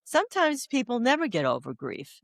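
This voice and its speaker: A woman's voice: fairly high pitch, wildly swooping pitch, brisk, gravelly, a bit bright, no room sound. An older woman, an oncology doula, talking as a guest on a podcast. She wanders through stories and anecdotes in a casual, earnest way. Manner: rambling, anecdotal storyteller.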